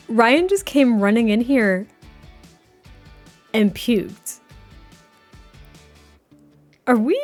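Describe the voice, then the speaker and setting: A woman's voice: fairly high pitch, expressive, extremely slow, long pauses, soft background music. Chatty young woman narrating gameplay. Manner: chatty, filler-heavy, laughs often. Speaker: gameplay storyteller. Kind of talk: casual narrated gameplay storytelling.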